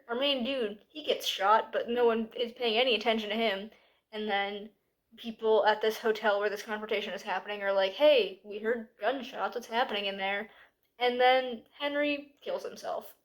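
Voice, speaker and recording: A woman with a somewhat high voice chats through a book review vlog. She sounds tired and exasperated, with sarcastic asides and plenty of "like" fillers. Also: steady tone, normal speed. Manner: chatty with many "like" fillers. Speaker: book club host.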